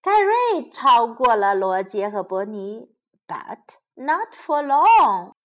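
Lady teacher reading a kids story super slow n clear, bouncy voice, bit high. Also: sing-song. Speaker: children's English story teacher. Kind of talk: bilingual storybook read-aloud for kids.

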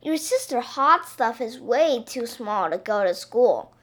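A woman voicing a busy mother duck who calls out bright, urging instructions in a storybook reading. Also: on the high side, expressive, a little slow. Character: bustling mother duck, hurrying.

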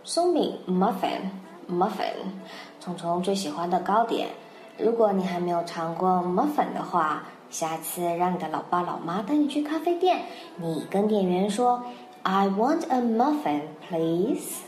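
With a lowish, darkish voice and lively intonation, a woman whose first language is Mandarin Chinese speaks at a moderate pace. Her bilingual storytelling lesson has her telling a children's story, explaining English words, and patiently repeating phrases, with a roomy sound and faint music.

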